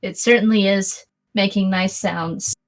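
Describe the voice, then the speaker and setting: A woman's voice: medium pitch, fairly even intonation, measured pace. A young woman narrating a tabletop game as game master, rambling with fillers and restarts.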